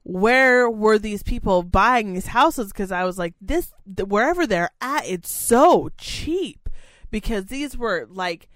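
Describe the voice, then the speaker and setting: A woman's voice: medium pitch, lively intonation, slow, a bit bright, no room sound. A woman co-hosting a casual podcast chat, telling a long story in a rambling, profane way. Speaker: podcast co-host.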